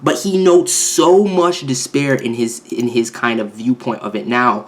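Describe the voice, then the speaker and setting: A man talks through a comic chapter in a loose, excited review. He gushes, swears freely and trips over his own words as he goes. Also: mid-range voice, unhurried. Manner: animated, gushing, swears, frequent restarts. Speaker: manga reviewer. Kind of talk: casual excited review chat.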